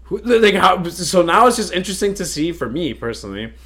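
A man's voice: high voice, brisk. A man co-hosting a casual podcast chat, rambling and swearing freely as he makes his points. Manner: profane, rambling, animated.

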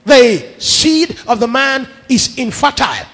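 A man's voice: extremely high pitch, sing-song, a little slow, fairly bright tone, breathy edge. A middle-aged man with a Nigerian accent preaching a sermon, emphatic, piling up repeated phrases. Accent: Nigerian English. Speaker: pastor. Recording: long echo of a large hall.

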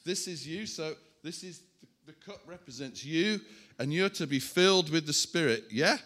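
A man preaching a sermon, animated and self-mocking, chatting with the congregation as he works through a demonstration. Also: on the high side, normal speed, a little hiss or hum. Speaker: pastor. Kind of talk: sermon with props. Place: church hall.

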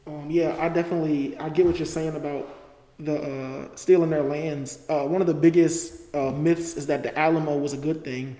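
A young man with a fairly high, mellow voice talks earnestly as a podcast guest, filling his sentences with "uh" and "like." He is recorded in a roomy space with a long reverb tail. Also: steady tone, moderate pace. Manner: earnest, explanatory, with frequent fillers. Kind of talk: casual discussion.

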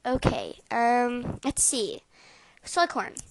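A woman's voice: fairly high pitch, extremely slow, poor audio. A woman co-hosting a casual podcast, chatty and full of hesitant fillers. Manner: chatty, hesitant fillers, rating things aloud. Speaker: podcast co-host.

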